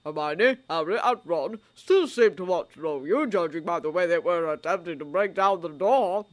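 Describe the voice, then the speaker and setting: A woman voicing an old male headmaster wizard who speaks in a pleasant, measured, dryly humorous way. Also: on the low side, expressive, natural voice. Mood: wry.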